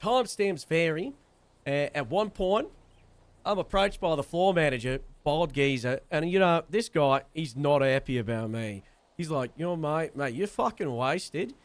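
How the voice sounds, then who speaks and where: A young man, telling a long story in casual chat, animated and swearing freely. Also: fairly high pitch, moderate pace, no room sound. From Wales. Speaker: streamer.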